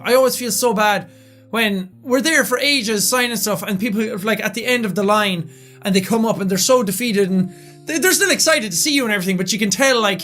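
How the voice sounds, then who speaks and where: A young man with a raspy, strained voice, excitedly recapping events in a casual vlog. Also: high voice. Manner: loud, excitable talker. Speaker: YouTuber.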